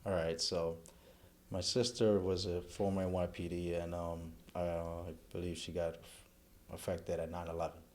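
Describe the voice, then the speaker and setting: A man's voice: low-pitched, flat delivery, normal speed, darkish tone. A middle-aged man, a charity event chairman speaking earnestly in an interview and running through long lists.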